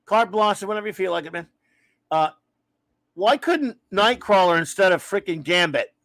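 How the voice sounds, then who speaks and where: A man from Louisiana chats live about comics in a high, easygoing voice. He rambles from one opinion to the next and greets viewers warmly. The sound is dry and close, with no room around it. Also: expressive, moderate pace, no room sound. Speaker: livestream comics talk host. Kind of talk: casual live-stream chat reading viewer comments.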